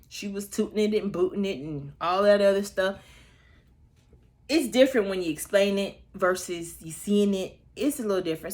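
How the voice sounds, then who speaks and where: A woman in her thirties chats through a reality-show recap in a sassy, gossipy way, throwing playful shade. Her everyday voice sits a little low. When she quotes people, she slips into exaggerated high voices. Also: measured pace. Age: 30s. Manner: sassy, chatty and playfully shady. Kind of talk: casual gossip commentary.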